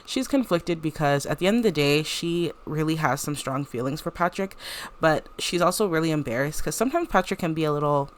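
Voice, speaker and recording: A young woman casually commentating a life-sim game, chatty and giggly, voicing the characters' lines in quick playful asides. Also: deep voice, expressive, a little hiss or hum. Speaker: gameplay commentator. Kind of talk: casual let's-play commentary.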